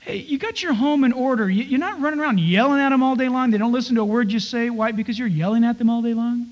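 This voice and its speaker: A man with a strikingly high-pitched voice delivers a sermon as a pastor. He talks in a conversational, easygoing way, now and then acting out little scenes. His voice rings out with a long reverb, as if in a large hall. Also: fast talker, muffled recording. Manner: conversational preaching with playful acted-out asides.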